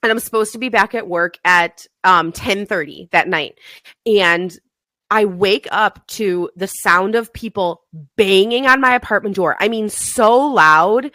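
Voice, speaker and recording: A woman co-hosting a podcast, telling a story in casual chat, animated and swearing freely. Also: mid-range voice, unhurried, dry recording, clean studio sound. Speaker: podcast co-host.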